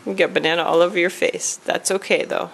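A woman's voice: on the low side, steady tone, a little fast, vocal fry, slight background noise. A young woman filming her baby at home, coaxing her to talk in a sing-song voice and often laughing.

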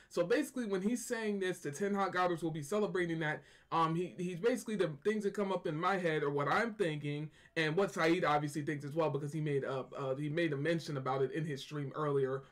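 A man hosting a fan channel, giving loose, casual reaction commentary and repeating himself as he talks. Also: fairly high pitch.

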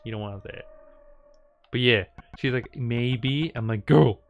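A man's voice: lowish voice, a little slow, vocal fry, highs cut off. Playful man telling a story. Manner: playful, animated, teasing, keeps saying "girl". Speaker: gaming streamer. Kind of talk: casual storytelling while streaming a game. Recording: steady background noise.

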